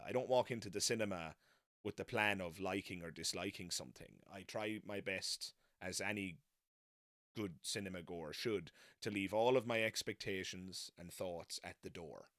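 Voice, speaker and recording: Low-pitched and a bit bright, his voice comes through with studio quality and no echo. He's a non-American live-stream host whose casual, self-deprecating chat keeps drifting into tangents.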